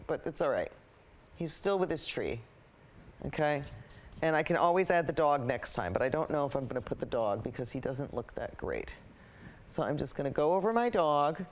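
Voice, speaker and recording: A middle-aged woman with a cold teaches a painting lesson in a rambling, talkative way, with self-mocking asides. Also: sits low. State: has a cold. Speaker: painting instructor.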